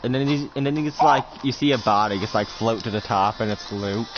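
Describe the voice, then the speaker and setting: A man's voice: on the low side, a little fast. A man narrating a casual role-play game as game master, rambling with lots of "like" fillers and some swearing. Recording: dull lo-fi with music behind.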